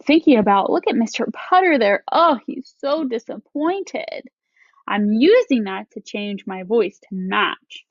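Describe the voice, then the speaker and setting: A woman teacher giving a reading lesson to first graders, explaining each point slowly and clearly. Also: mid-range voice, expressive, dry recording, highs cut off. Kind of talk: recorded reading lesson for young children.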